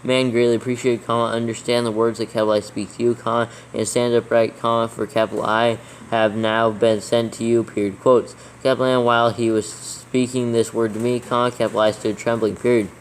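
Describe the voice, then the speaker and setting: A man reading a text aloud slowly and deliberately, dictating capitals and punctuation marks as he goes. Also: medium pitch, flat delivery, a little hiss or hum, low-quality recording. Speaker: proofreader dictating scripture.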